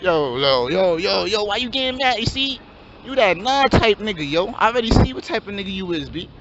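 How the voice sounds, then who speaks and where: A man's voice: sits high, sing-song, brisk, fairly bright tone, heavily acted. A man voicing a laid-back young male dreamer in a comedy skit, drawling slang in a mumble. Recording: dull lo-fi, faint hum.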